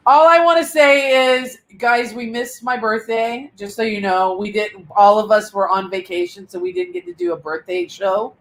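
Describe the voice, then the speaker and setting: Chatty older woman with a slightly high voice. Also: expressive, normal speed, few pauses. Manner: chatty, self-deprecating, laughs often. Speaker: co-host. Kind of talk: casual live chat.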